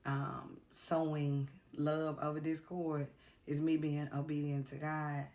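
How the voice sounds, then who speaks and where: Tired woman vlogger, low voice, slow and earnest, confessional to-camera talk. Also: little pitch movement, a little mellow. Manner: earnest, confessional, with pauses and fillers. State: tired, worn out. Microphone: camera mic.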